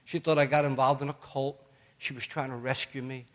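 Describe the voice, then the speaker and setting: A middle-aged man preaching a sermon as pastor, chatty and animated, telling stories with joking asides. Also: mid-range voice, brisk.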